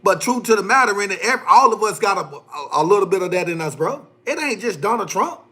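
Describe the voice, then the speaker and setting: A man's voice: sits high, expressive, brisk, pushed and bright. A man hosting his own livestream, ranting heatedly in loose slangy speech and repeating himself. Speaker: livestream host. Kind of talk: casual livestream rant.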